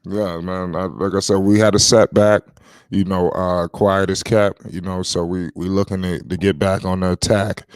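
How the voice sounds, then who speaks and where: A laid-back man with a low voice hosts a casual chat and fills his talk with "you know". The sound is dry and close. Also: flat delivery, moderate pace, smooth, no echo.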